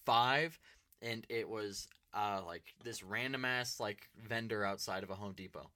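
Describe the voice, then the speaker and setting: A man's voice: lowish voice, measured pace, bright, forceful tone, no echo. A young man from Idaho, co-hosting a podcast, joking around in sweary, casual banter. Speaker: podcast co-host. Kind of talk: casual chat.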